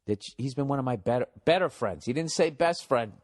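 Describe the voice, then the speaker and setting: A man's voice: medium pitch, lively intonation, fairly quick, darkish tone. A man hosting a comedy podcast, telling stories and reading listener mail in a blunt, profane, mocking way. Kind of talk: casual podcast rant.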